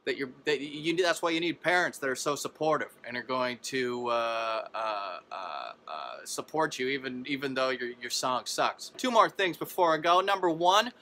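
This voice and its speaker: A young comedian telling a rambling comic story in a home vlog, full of asides and fillers, now and then leaping up into mock disbelief. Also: male voice, animated, moderate pace, hardly any pauses, sharp tone, a little hiss or hum. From Canada. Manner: jumps into exaggerated high disbelief. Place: parents' basement.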